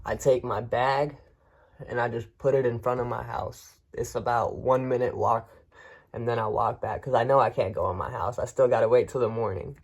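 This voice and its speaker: A man's voice: mid-range voice, steady tone, normal speed, vocal fry. A man vlogger telling a personal story in a frank, rambling way with frequent restarts. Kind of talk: casual first-person storytelling.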